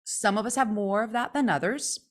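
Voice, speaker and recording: A woman coaching on speaking voice, lively and demonstrative. She teaches in a conversational way, often acting out the sounds she describes. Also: mid-range voice, a little fast. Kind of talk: instructional chat.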